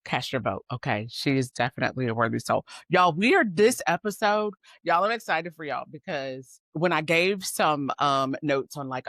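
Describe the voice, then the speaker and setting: With a rumbling low voice, a woman who hosts a podcast and coaches talks at normal speed with few pauses, on a dry recording. She gushes effusively in upbeat podcast chat, excited and emotional, speaking straight to her audience as "y'all" and "squad."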